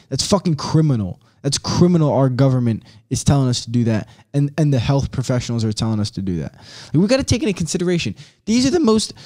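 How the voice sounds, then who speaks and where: A man's voice: medium pitch, darkish tone. A man hosting a podcast alone, giving a casual rant in a blunt, fired-up way, swearing and using slang. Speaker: podcast host.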